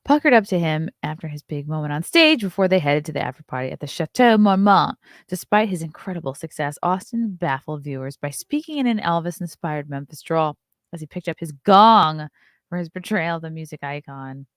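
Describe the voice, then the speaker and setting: A woman's voice: sits low, animated, no echo. Wry, chatty woman host, dry sound. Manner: chatty and wry, quick asides. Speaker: morning show host. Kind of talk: casual commentary reading celebrity news.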